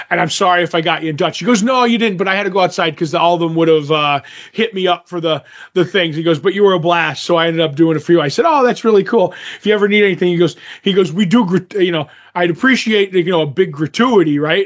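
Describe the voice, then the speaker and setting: A man with a high voice tells a story in a casual chat, bouncing into the voices of the people he quotes. The audio is dull and lo-fi, like a cheap podcast recording. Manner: animated, acts out quoted dialogue. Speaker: podcast co-host.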